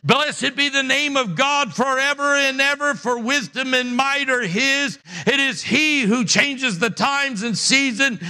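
A man preaching with a high, bright, ringing voice. He delivers an impassioned church sermon, swinging into shouts at the peaks and acting out the voices of the people in his Bible stories, recorded in a church sanctuary. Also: a little slow, hardly any pauses, clean tone. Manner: acts out Bible characters' voices. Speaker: pastor.

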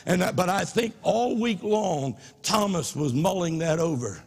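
A high-voiced man delivers an impassioned sermon. His tone is husky and slightly breathy, and it swings from quiet asides to ringing shouts. Long reverb from a large church sanctuary trails each phrase. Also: expressive, measured pace. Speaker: preacher.

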